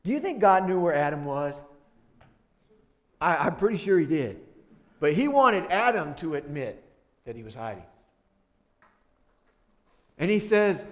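A man preaching a sermon, voice climbing loud when he acts out prayers and dialogue, then dropping soft and low for grief. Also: sing-song, normal speed, long pauses. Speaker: pastor.

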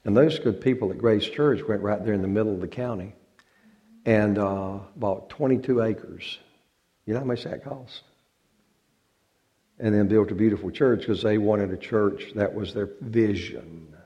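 A man with a drawl speaks in a church, in a low-pitched and mellow voice. His talk to the congregation is folksy and joking, and he stretches out words for effect. He sounds like a pastor talking with his flock instead of preaching at them. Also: lo-fi sound. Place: church sanctuary.

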